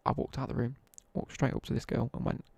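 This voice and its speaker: A fast, slightly mellow voice belongs to a young English Midlands streamer who rambles through school tales laced with slang while casually chatting to viewers over a game. The recording is dry.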